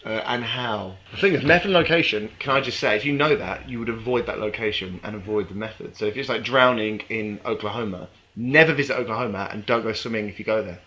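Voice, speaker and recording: A man's voice: on the low side, fast, few pauses, pushed and bright, slight background noise. A man co-hosting a podcast in casual chat, jokey and rambling, laughing often. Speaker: podcast co-host.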